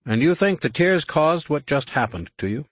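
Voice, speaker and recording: A man's voice: a little high, sing-song, normal speed, no room sound, voice pushed up. A man reading aloud and voicing a thoughtful, restless man who asks questions. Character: Hamner, thoughtful long-faced man, restless.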